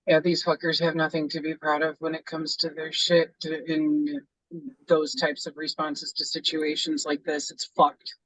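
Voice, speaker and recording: Guy cursing a lot, kinda high voice, dry sound, sits back from the mic. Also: completely flat delivery, normal speed, a bit bright, no echo, distant mic, poor audio. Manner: blunt, heavy swearing. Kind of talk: casual discussion.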